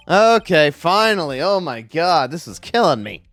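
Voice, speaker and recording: A man's voice: on the high side, big pitch swings, a little slow, a bit bright, faint music behind. A man streaming a video game, casually joking and reacting aloud. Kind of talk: game let's play commentary.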